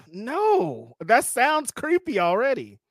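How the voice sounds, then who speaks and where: A man's voice: very high voice, slow, dry recording, studio quality. A man co-hosting a casual show, joking, swearing freely and acting out what others say. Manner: animated, jokey, swears casually, acts out quotes. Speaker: podcast co-host. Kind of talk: casual chat.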